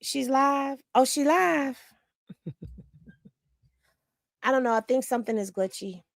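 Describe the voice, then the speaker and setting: A woman's voice: sits high, slow pace, creaky, no echo, studio quality. A tired woman, chatting with viewers about celebrity gossip on a home livestream. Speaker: livestream host. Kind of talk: casual livestream chat.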